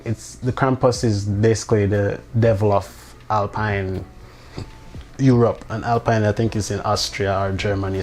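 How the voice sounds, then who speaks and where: Rambling man with a low voice. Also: darkish tone, a little hiss or hum. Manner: rambling, restarts often, swears, incredulous asides. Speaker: vlogger. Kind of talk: casual monologue.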